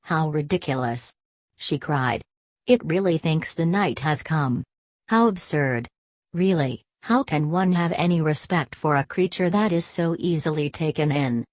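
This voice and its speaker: A woman's voice: low-pitched, unhurried, a little mellow, dry recording. A woman reading the part of an eager young woman who exclaims freely.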